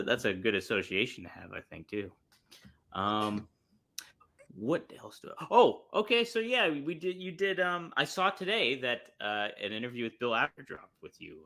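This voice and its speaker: A man co-hosting a casual podcast, reacting with quick interjections and frequent laughter. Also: medium pitch, sharp tone. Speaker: podcast co-host. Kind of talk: casual chat.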